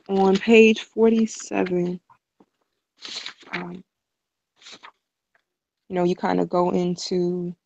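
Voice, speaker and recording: A woman in a study group asking a question hesitantly, with many pauses and "um"s. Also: on the low side, gravelly, darkish tone, highs cut off. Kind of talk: asking a question on internet radio.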